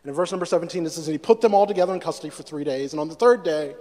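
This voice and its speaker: A man's voice: a little high, racing, darkish tone. A male pastor preaching a sermon, stumbling over repeated words and acting out the voices of the scripture. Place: church sanctuary. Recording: long reverb in a church hall.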